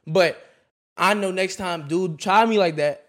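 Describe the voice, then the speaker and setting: Man, slightly high voice, casual slangy storyteller on a podcast. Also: unhurried, a bit bright. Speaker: podcast host.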